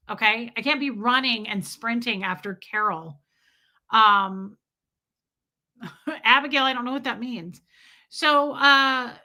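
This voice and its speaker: A woman hosting a casual live stream, ranting in an animated way, swearing and thanking chatters by name. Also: fairly high pitch.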